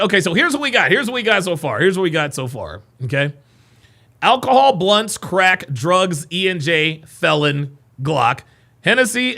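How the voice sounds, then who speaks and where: A podcast host, reading out viewer comments on a livestream, excitable and loud, with frequent exclamations. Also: male voice, high-pitched. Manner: excitable, laughing often, loud bursts of exclamation.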